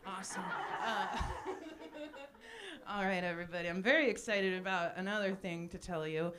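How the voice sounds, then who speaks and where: Woman, forties, stand-up comedian, deadpan, self-deprecating, live mic, noisy cafe recording. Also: medium pitch, moderate pace. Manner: deadpan, self-deprecating, frequent ums and laughs. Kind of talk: live stand-up set with crowd work. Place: small cafe stage with live audience.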